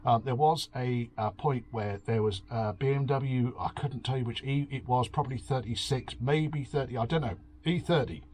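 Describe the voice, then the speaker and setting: A man's voice: medium pitch, normal speed, few pauses, a little mellow, slight background noise. A man hosting a beery home review, reading out an article and mocking it with sighs, swearing and sarcasm. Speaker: host. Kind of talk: drunken rambling review. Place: home, drinking beer.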